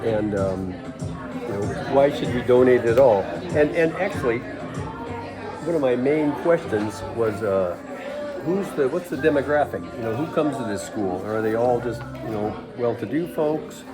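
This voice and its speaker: Halting man over a crowd and music. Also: medium pitch, expressive. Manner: halting, repeats words, emotional. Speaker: storyteller recounting a school visit. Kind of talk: casual spoken story. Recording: crowd chatter and music behind.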